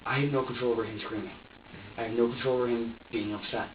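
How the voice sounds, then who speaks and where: A man's voice: medium pitch, fairly even intonation, quick pace, a little hiss or hum. A man in a police interrogation, talking in an agitated, profane rant. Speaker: suspect. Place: interrogation room. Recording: dull echoey room audio from a distant mic.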